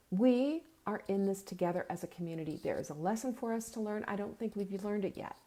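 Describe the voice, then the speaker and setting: A woman's voice: mid-range voice, warm tone. A middle-aged woman hosting a live meal-planning show, giving an earnest, urging pep talk, at times tearful.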